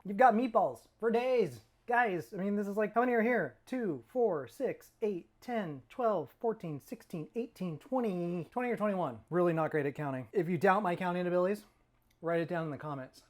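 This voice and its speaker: A middle-aged man from California with a high-pitched voice talks a little quickly on his own cooking channel. The vlog is casual and rambling, laced with self-mocking jokes, and he sometimes speaks mid-bite.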